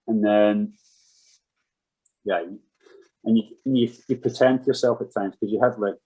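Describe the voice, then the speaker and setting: A man's voice: on the low side, steady tone, normal speed, mellow, husky, rough recording. A man in his thirties, a podcast guest and former footballer, telling his story candidly and frankly, swearing freely.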